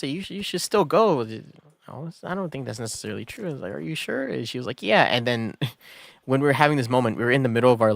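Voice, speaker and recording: A man's voice: medium pitch, gravelly, a bit bright, dry recording. A man streaming a game, telling a story in a casual, rambling way with many fillers and restarts. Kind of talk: casual storytelling while gaming.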